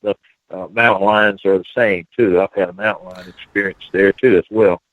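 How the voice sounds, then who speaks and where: Halting man on a tinny phone line. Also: deep voice, fairly even intonation, no room sound. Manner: halting, many restarts and fillers. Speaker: guest researcher. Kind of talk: phone-in radio interview.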